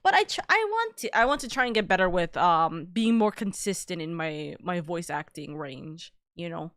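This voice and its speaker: A young adult woman hosts a live stream, chatting casually and rambling with plenty of filler, lots of "like", and free swearing. Her lowish, slightly bright voice has lively intonation and a moderate pace. The recording is studio quality with no room sound.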